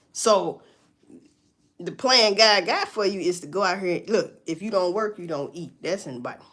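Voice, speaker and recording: A woman's voice: mid-range voice, expressive, normal speed, a bit bright, husky. A woman talking bluntly and profanely to her viewers, preaching about work and faith in casual commentary. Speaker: social media commentator. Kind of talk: casual live-stream commentary.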